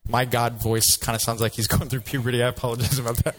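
A man preaching a sermon as pastor, lively and joking, acting out voices of biblical figures. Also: mid-range voice, quick pace, slight background noise, rough recording.

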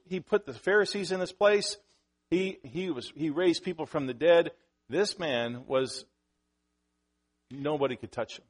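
A man preaching to his congregation in an easy, conversational way, at a middle pitch for a man. He stops and restarts sentences and turns to the congregation with asides. On the points he wants to land, he gets louder and his voice climbs. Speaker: pastor. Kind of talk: sermon.

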